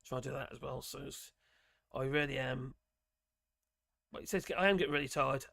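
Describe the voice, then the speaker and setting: A man's voice: mid-range voice, brisk, vocal fry, sharp tone, no echo, studio quality. A man hosting a casual live stream, chatting in a rambling way and reading out chat messages while losing his voice.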